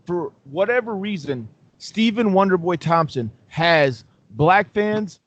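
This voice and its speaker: Man, fairly high voice, mock-angry, swears a lot, muffled dry recording. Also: animated, slow. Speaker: podcast co-host. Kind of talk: casual chat.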